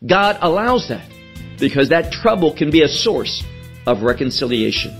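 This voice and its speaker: A man teaching through a Bible passage in a radio broadcast, speaking slowly and deliberately and leaning on each quoted verse. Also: fairly high pitch, sing-song, a bit bright, soft background music.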